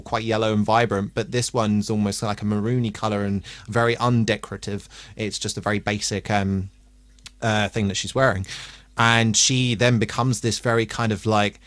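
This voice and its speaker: A man's voice: lowish voice, fairly bright tone, dry recording. A man recapping a TV episode for a review podcast in a rambling, casual way, with lots of fillers and restarts.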